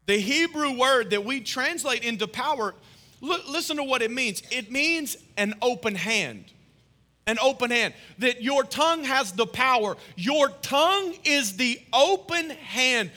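Man in his thirties, high voice, bright tone, pastor preaching, emphatic storytelling. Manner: emphatic, storytelling, rises to loud exclamations. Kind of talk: sermon.

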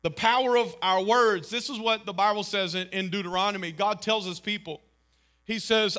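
A man's voice: high voice, lively intonation, moderate pace. A man in his thirties preaching a sermon as pastor, telling family stories with emphatic, rising exclamations. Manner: emphatic, storytelling, rises to loud exclamations.

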